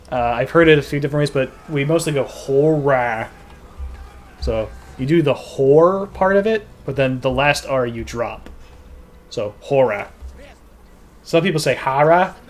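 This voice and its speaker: A man from Maine with a faint Maine accent, chatting casually and explaining things at length while playing a game. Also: medium pitch. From Maine, USA. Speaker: gaming video host. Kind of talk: casual gaming commentary.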